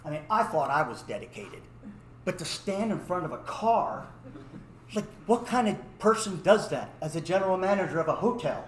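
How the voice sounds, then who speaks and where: A man telling a comic personal story in an animated way, acting out the other voices. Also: high-pitched, moderate pace. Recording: echoey room with faint hiss.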